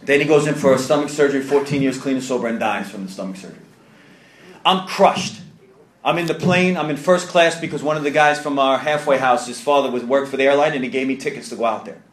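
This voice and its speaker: Speaking fast in a medium-pitched voice, a man shares his own story with a live audience at a recovery meeting. He's animated and self-mocking, acting out other people's voices, and the room is echoey.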